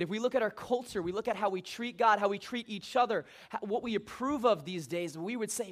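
A man's voice: sits high, fast, few pauses. A man preaching an informal sermon in a joking, conversational way.

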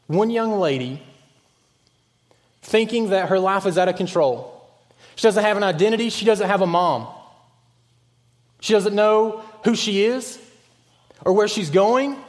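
A man preaching a sermon as pastor, earnest, sometimes dropping to a hushed voice on key points. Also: high voice, in a large hall.

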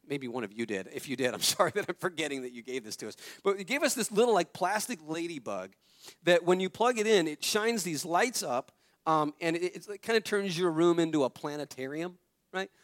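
A man's voice: fairly high pitch, lively intonation, a little fast. A man in his thirties preaching a conversational sermon, telling family stories and repeating phrases for emphasis. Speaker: pastor.

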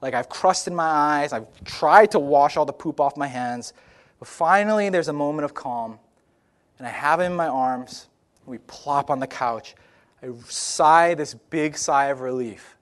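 A young man telling a comic personal story in a sermon-style talk, animated and lively. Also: a little high, unhurried.

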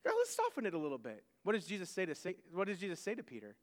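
A man with a very high voice delivers a sermon, pressing his points with emphasis. He often restarts and repeats words mid-thought. His voice carries a long reverb from a large hall. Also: huge pitch swings, racing. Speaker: preacher.

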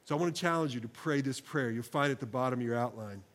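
Man, pastor, sermon, church service, earnest prayer, slows for repeated phrases, mid-pitched. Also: a bit bright. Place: church sanctuary, broadcast service.

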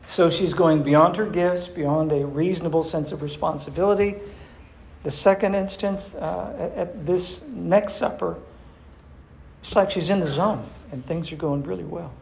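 A man's voice: a little high, normal speed, creaky, darkish tone. A man leading a group Bible study, teaching emphatically and calling on members by name.

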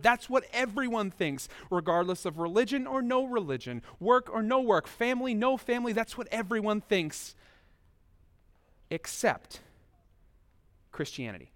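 A man with a notably high voice preaches a sermon as a pastor. He keeps it conversational and speaks straight to his listeners, often with rhetorical questions. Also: a bit bright.

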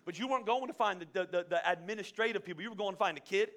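A man's voice: high voice, racing, a bit bright. A middle-aged man preaching a sermon to a congregation, talking conversationally and rising to fervent emphasis. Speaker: pastor.

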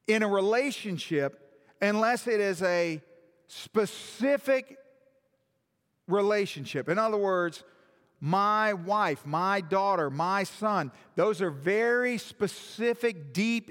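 A man's voice: high voice, lively intonation, slow pace, fairly bright tone, smooth. A male pastor preaching a sermon in a church hall, emphatic and full of rhetorical questions, with long hall reverb.

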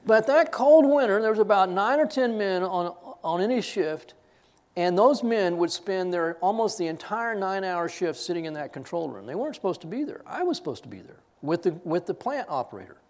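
Animated man telling a sermon story. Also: high voice, fairly quick. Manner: animated, self-deprecating anecdote with many restarts. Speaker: pastor.

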